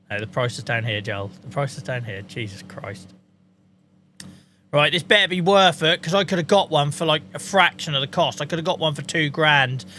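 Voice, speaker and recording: A man's voice: mid-range voice, bright, forceful tone, slight background noise. A man streaming a farming game, joking, swearing and chatting with his viewers. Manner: jokey, swears freely, talks to chat. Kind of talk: casual gameplay commentary.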